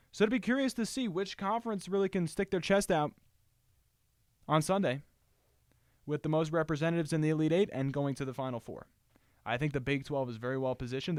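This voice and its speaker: A man's voice: mid-range voice, no room sound, studio quality. A man hosting a sports show on his own, giving emphatic commentary and repeating his points for stress.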